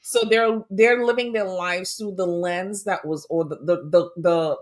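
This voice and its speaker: A woman's voice: on the low side, steady tone, unhurried. A woman host of an interview, affirming her guest and laughing often in casual chat.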